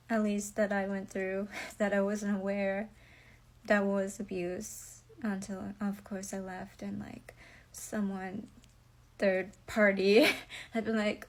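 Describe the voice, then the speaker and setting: A young woman telling a personal story, halting, with many fillers and nervous little laughs, close to tears as she speaks. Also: medium pitch, level tone. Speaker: vlogger.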